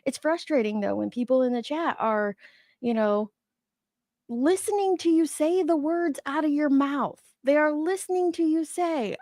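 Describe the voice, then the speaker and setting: A woman's voice: high voice, moderate pace, dark tone, no room sound, clean studio sound. A woman hosting a casual livestream chat, emphatic and repeating words when worked up. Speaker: livestream host.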